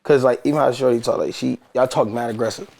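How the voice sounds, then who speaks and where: A man from Detroit with a Detroit accent and a gravelly edge to his mid-pitched voice. He chats as a podcast guest in loose, slang-heavy talk, laughing often. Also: steady tone, quick pace, a little mellow, a little hiss or hum. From Detroit, USA. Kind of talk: casual chat.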